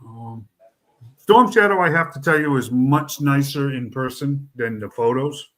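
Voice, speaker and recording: A man's voice: medium pitch, unhurried, a bit bright. A middle-aged man, hosting a casual chat and rambling through his points with fillers and restarts.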